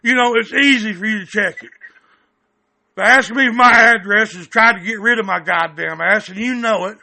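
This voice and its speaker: A man's voice: high voice, normal speed, gravelly, sharp tone. A man on a heated phone call, blunt and angry, stammering and cursing as he complains. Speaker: caller, activist recording his calls.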